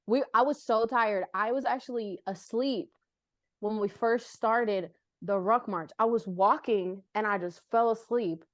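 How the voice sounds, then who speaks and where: A woman's voice: fairly high pitch, dry recording. A young adult woman from Puerto Rico, a guest on a video call, chatting casually and telling stories with frequent laughter. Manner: laughs often, quick storytelling. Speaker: guest, army drill sergeant. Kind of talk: casual chat.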